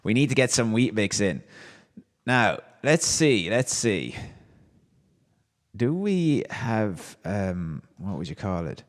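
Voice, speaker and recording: A man's voice: on the low side, big pitch swings, slow, long pauses, long reverb tail. A man hosting a livestream, reading viewers' comments aloud and answering them with wry, amused banter. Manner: wry, chatty, reacts to chat with amused banter. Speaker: livestream host.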